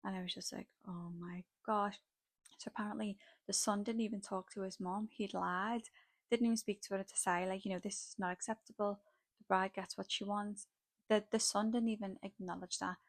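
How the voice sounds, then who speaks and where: A woman's voice: medium pitch, fairly even intonation, brisk, no echo. A young woman, a makeup artist, telling a dramatic gossipy story in a casual chat full of "like" fillers.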